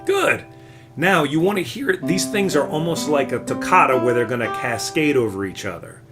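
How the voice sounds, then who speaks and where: A man teaching a live classical guitar lesson, explaining patiently and warmly encouraging his student. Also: mid-range voice, lively intonation, normal speed.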